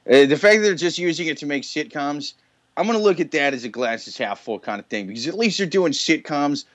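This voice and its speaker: A man's voice: on the high side, brisk, dry recording. Swearing, rambling podcast co-host man. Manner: rambling, profane, animated ranting. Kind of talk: casual comedy podcast chat. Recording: dull, muffled audio.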